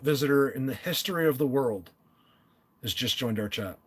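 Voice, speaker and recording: A man with a New Jersey accent hosting a live stream, talking emphatically, yelling at times and stumbling over restarts. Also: medium pitch, normal speed, husky. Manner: emphatic, yells, stammering restarts. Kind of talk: excited live-stream talk. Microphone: phone at a desk.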